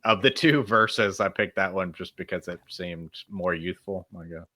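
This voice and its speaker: A man's voice: low voice, moderate pace, bright, forceful tone, no echo, clean studio sound. A man guesting on a podcast, chatting casually with short, agreeable replies. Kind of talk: casual chat.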